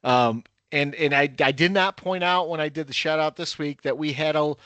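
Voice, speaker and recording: A man with a slightly high voice hosts a casual sports podcast. He talks in an easy, conversational way and leads the group from one topic to the next. The sound is dry and close. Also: moderate pace, fairly bright tone, clean tone, no echo, lo-fi sound. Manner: conversational, runs the segments. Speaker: podcast host. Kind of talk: casual chat.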